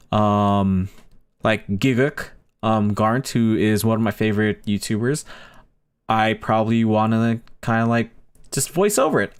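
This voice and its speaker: A young male streamer with a blend of Filipino and Bay Area accents rambles through his plans in a casual live-stream chat, full of ums, restarts and self-corrections. His voice is fairly low, clear and resonant.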